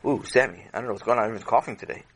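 A man's voice: on the low side, very fast, a little hiss or hum. A man playing a playful, amused rebbe who talks with his pupils in a children's audio story. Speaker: rebbe teacher.

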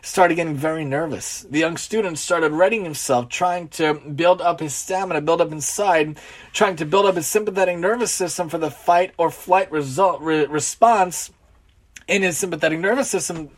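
A man's voice: sits high, normal speed. A man telling a story and drawing a moral lesson from it, talking earnestly with a lot of repetition for emphasis. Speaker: teacher of Musar lessons.

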